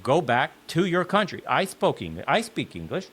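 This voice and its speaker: A man's voice: on the high side, wildly swooping pitch, moderate pace, fairly bright tone, breathy edge. A man in a clip played from another video, delivering a blunt, heated, profane opinion rant. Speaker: commentator in a reacted video.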